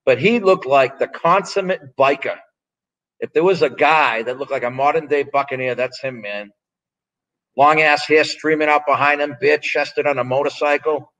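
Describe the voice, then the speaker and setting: A man's voice: a little high, normal speed, fairly bright tone, poor audio. Male guest in his 60s, ex-strongman, blunt and profane, rambling storyteller. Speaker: interview guest, former strongman and pro wrestler. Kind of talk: casual storytelling interview.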